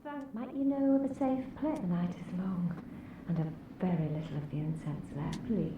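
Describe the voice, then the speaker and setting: An actress playing a weary woman who pleads softly for a safe place. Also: on the low side, normal speed, natural voice. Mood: pleading. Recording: echoey, noisy game audio.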